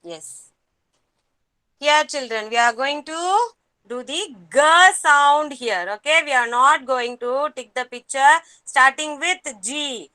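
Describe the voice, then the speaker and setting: A woman teaching a kindergarten class over a video call, patient and slow, repeating each word for the children. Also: high voice, bright, forceful tone, no room sound.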